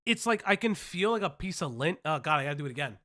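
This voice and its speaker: A woman's voice: deep voice, animated, quick pace, fairly bright tone. A woman hosting a commentary stream, talking bluntly and swearing often. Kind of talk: casual commentary.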